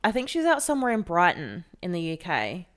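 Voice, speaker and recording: A woman's lowish, fairly quick voice drives a story she tells while co-hosting a podcast. Relaxed and chatty, she swears freely and animatedly acts out the people in the tale.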